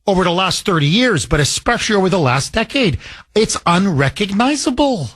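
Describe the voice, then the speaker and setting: A man's voice: sits high, very animated, fairly quick, fairly bright tone. A middle-aged man from Canada hosting a talk radio show, delivering an emotional, heated monologue.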